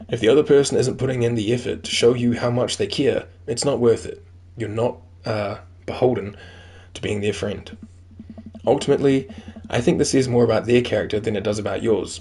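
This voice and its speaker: A man's voice: medium pitch, a little mellow. A young man casually reading a dating game aloud, joking and reacting as he plays, with a faint hiss behind him. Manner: jokey, reacts aloud and reads dialogue. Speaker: gameplay commentator.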